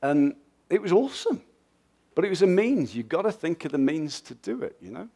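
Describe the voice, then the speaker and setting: A middle-aged man from England with an English accent, giving a lively, joking and blunt motivational talk at a festival, answering audience questions. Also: fairly high pitch, fairly quick, breathy edge. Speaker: guest speaker.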